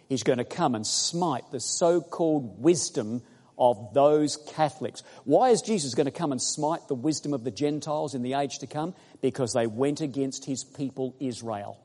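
A man preaching a sermon, emphatic and building to loud exclamations as he addresses the congregation. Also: mid-range voice. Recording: long hall reverb.

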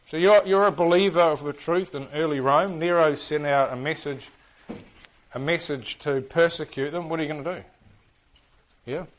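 A man with a New Zealand accent teaching a class, lively and full of questions to his listeners. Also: fairly high pitch, moderate pace. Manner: animated, keeps firing questions at the class. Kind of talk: interactive history class on church history.

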